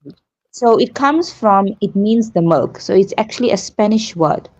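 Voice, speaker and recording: A woman's voice: medium pitch, lively intonation, moderate pace, darkish tone. Earnest woman on a dull, lo-fi line. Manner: explanatory and earnest, uses simple examples. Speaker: breastfeeding support leader and guest. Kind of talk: radio interview.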